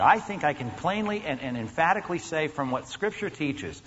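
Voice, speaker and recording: A man's voice: a little high, very animated, normal speed, few pauses, fairly bright tone. A pastor preaching an earnest, emphatic sermon, asking his listeners questions as he goes. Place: church sanctuary. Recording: dull, lo-fi recording in a large reverberant hall with faint noise.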